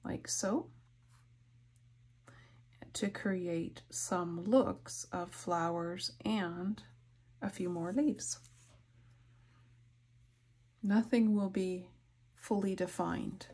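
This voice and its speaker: A soft-spoken woman narrating a painting tutorial, her voice dropping to whispers as she concentrates. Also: lowish voice, fairly even intonation, extremely slow, pauses often, breathy edge. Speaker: art instructor.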